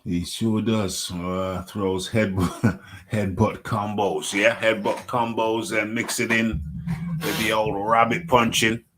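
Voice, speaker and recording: Brief: male host, middle-aged, lowish voice, loose chatty recap, repeats lines, chuckles. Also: little pitch movement, slow, fairly bright tone. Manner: rambling, repeats phrases, chuckles often. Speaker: host of a combat sports radio show. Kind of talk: casual solo fight recap.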